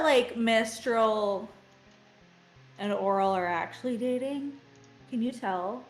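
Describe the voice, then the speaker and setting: A woman's voice: a little high, expressive, takes it slowly, long pauses, reverberant, faint music behind. A woman playing in a tabletop game, chatting casually with many "like"s. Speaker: player.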